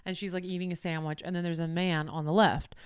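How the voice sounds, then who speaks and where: A woman with a fairly low voice co-hosting a casual podcast, telling stories animatedly and acting out what people said. The sound is close and dry, with no echo. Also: fast talker, smooth. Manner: animated storyteller who reenacts conversations. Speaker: podcast co-host.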